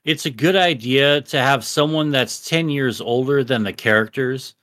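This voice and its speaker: A man's voice: medium pitch, moderate pace, fairly bright tone, no echo, studio quality. A man in his thirties, a podcast co-host, chatting casually and ranting with lots of swearing. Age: 30s. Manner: profane, emphatic rants. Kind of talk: casual chat.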